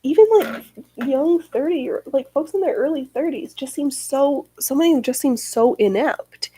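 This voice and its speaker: A woman's voice: sits high, normal speed, dark tone, slight background noise, rough recording. A woman hosting a livestream, chatting casually and rambling as she answers chat comments, with frequent swearing. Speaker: livestream host.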